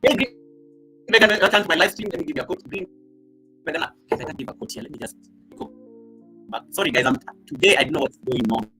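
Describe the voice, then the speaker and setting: A man hosting a casual live stream from his home set, greeting viewers by name and reading chat comments, with loud bursts of welcome between quiet asides into a laptop mic. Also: a little high, expressive, quick pace, long pauses, soft background music, rough recording.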